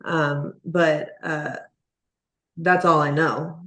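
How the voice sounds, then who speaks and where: A woman's voice: low voice, flat delivery, drawn-out words, fairly bright tone, roomy sound. A woman boxer being interviewed, talking candidly and bluntly with lots of "like" and "you know". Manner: candid and blunt, filler-heavy speech. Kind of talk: casual interview.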